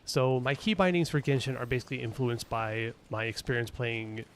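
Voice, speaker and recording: A man streaming a video game, chatting casually, rambling and thinking out loud as he answers his chat. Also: medium pitch, steady tone, a little fast, a little hiss or hum. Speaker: gaming streamer. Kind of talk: casual gaming commentary.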